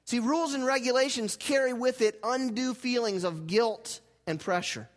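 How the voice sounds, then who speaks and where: A male pastor with a notably high-pitched voice, delivering a sermon. He swings from loud, emphatic lines to quiet, intense ones, and pulls the congregation into call-and-response. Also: moderate pace.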